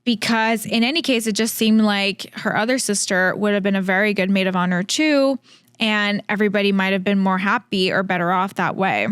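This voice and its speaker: A woman's voice: medium pitch, a little fast, fairly bright tone, smooth, dry recording, clean studio sound. A woman hosting a casual podcast on her own, thinking aloud with hesitant restarts and a chatty manner. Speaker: podcast host. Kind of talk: casual solo podcast chat.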